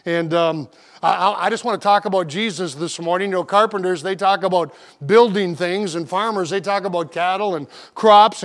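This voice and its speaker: Guy preaching in a church, highish voice, folksy earnest storytelling, pulpit mic. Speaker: pastor. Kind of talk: sermon with opening prayer. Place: church auditorium.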